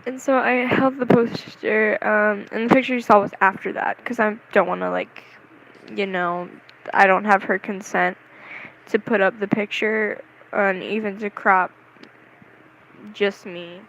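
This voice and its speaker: Excitable rambling woman vlogger. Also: mid-range voice, measured pace, vocal fry, slight background noise, low-quality recording. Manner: rambling, excitable, self-mocking. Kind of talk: casual storytelling to camera.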